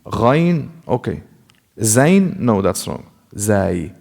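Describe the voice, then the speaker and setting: A male teacher with a low, gravelly voice gives a classroom lecture in a mosque hall with a long echo. He talks slowly and patiently. He sounds out examples himself and poses rhetorical questions to the students. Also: a little mellow. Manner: explanatory, demonstrates letter sounds, asks rhetorical questions. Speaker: Quran recitation teacher.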